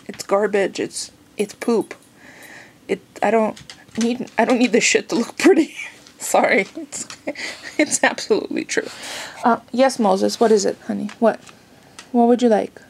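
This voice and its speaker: A woman chatting casually in a home vlog, rambling on and cooing baby talk at her dogs. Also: mid-range voice. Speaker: vlogger. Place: home living room and kitchen.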